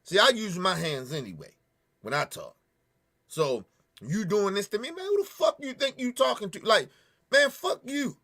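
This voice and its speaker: A man hosting a show angrily rants and curses while reacting to a news clip, sniffling now and then. His high, sing-song voice is pushed and bright, moving at a moderate pace. This is heated, profane commentary.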